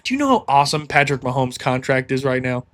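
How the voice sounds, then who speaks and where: A man's voice: medium pitch, sing-song, fast. A man hosting a solo sports podcast, ranting heatedly and swearing freely.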